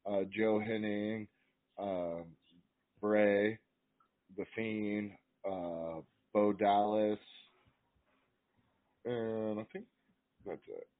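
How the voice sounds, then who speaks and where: A man's voice: fairly low pitch, fairly even intonation, very slow, long pauses. A man, a guest in a casual chat, explaining things loosely with lots of fillers. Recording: tinny phone-like line.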